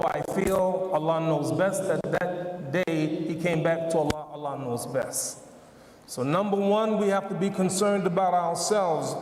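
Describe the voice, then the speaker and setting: Male preacher, fairly high voice, storytelling sermon style with emphatic repeated questions, distant mic in an echoey hall. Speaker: convention speaker, preacher.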